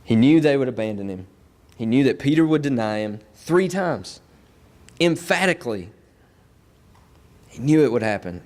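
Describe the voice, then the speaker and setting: A man's voice: medium pitch, expressive, normal speed, pauses often, darkish tone. A young man preaching a sermon in a church, earnest and building his points through repeated phrases. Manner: earnest, repetitive emphatic phrasing.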